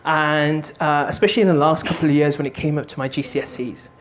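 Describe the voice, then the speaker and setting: A man giving a motivational talk, telling a story in an animated, jokey way and doing voices. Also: a little high, fast talker. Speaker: motivational speaker and stand-up comic.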